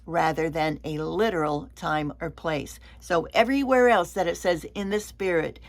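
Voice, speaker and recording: A woman leading a Bible study lesson, explaining slowly and deliberately and sometimes repeating a word as she goes. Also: lowish voice, vocal fry.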